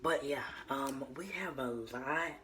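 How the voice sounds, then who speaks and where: Deep-voiced Southern woman vlogging slowly. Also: a bit bright. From South Georgia, USA. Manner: chatty, playful asides, drops into whispers. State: out of breath. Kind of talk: storytime vlog.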